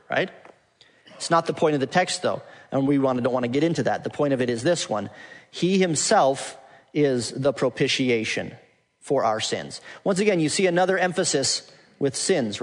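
A man preaching a sermon, teaching from Scripture and building to emphatic, forceful points. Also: medium pitch, expressive, normal speed. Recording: long hall reverb.

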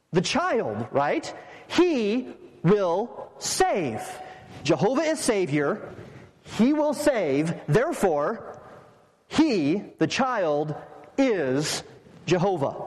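Male pastor, high voice, emphatic step-by-step sermon, long hall reverb. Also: a little mellow.

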